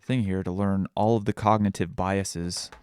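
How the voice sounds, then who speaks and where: A man hosting a podcast, thinking out loud in a casual reflective monologue, searching for words with frequent restarts. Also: sits low, steady tone, moderate pace, clear, resonant tone, no echo. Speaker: podcast host.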